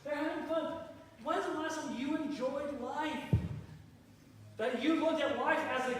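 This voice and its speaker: A man's voice: very high-pitched, measured pace, pauses often, fairly bright tone, slight background noise. A pastor in his forties giving a folksy, playful storytelling sermon in a church. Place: church sanctuary. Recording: echoey hall, mic far off.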